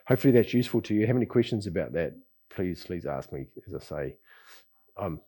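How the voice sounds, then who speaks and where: A man teaching a qigong class, talking in an easygoing, rambling way with sighs and soft chuckles. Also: low-pitched, expressive, fast talker. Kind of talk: relaxed spoken class talk. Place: lives in Bali.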